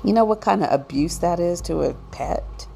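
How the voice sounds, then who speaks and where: A woman's voice: lowish voice, lively intonation, moderate pace, creaky, warm tone, slight background noise. A woman giving a preachy, emphatic monologue to camera. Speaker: vlogger. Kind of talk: ranting monologue.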